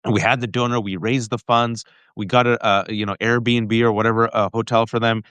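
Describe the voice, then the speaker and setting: A man earnestly recounting a family ordeal in an interview, halting often and restarting his sentences. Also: fairly low pitch, little pitch movement, fairly bright tone, clean tone, dry recording. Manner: earnest, halting, with restarts and frequent direct address. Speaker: guest. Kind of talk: emotional personal storytelling in an interview.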